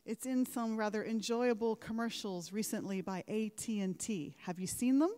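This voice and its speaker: A woman's voice: mid-range voice, mellow. A woman delivering a formal commencement address, engaging her listeners with rhetorical questions and anecdotes. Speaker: commencement speaker. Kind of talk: formal ceremonial speech. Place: large ceremony hall. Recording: echoing large hall.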